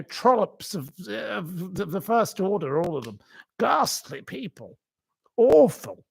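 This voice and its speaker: A man's voice: a little high, dry recording. A man hosting his own commentary channel, talking in a theatrical, indignant monologue with exaggerated swoops of emphasis. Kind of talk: opinionated monologue.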